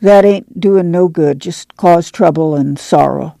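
Seorang wanita memerankan tetangga perempuan yang baik hati, berbicara lembut dan menenangkan dengan dialek pedesaan. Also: female voice, fairly low pitch, measured pace, vocal fry, dry recording. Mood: soothing. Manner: soft, soothing, rural dialect. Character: gentle kindly neighbor woman.

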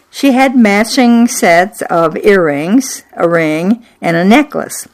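An older woman tells a story from her own childhood, her voice sitting a little low. She takes her time over every sentence, with a dry, wistful humor. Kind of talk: personal memoir storytelling.

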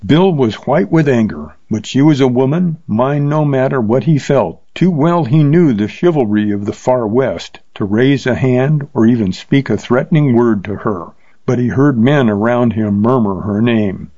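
A man reads an old Western adventure aloud at a steady, measured pace. His tone is mellow and warm, the recording is dry with no room echo, and the sound is a little dull. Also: mid-range voice. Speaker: narrator. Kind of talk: audiobook narration.

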